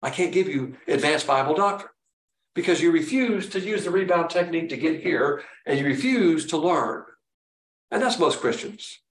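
A man's voice: on the high side, animated, moderate pace. A man preaching a sermon in a plainspoken way, firing off rhetorical questions and acting out quotes. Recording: roomy echo, distant mic.

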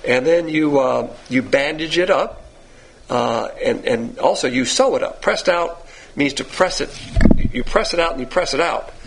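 A man teaching a verse-by-verse sermon, asking rhetorical questions and pushing his pitch up for emphasis. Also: moderate pace, gravelly, background noise. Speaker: Bible teacher.

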